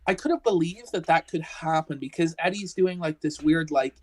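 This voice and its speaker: A woman's voice: deep voice, moderate pace, a little mellow, rough recording. Profane, ranting woman co-host. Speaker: podcast co-host. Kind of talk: casual wrestling discussion.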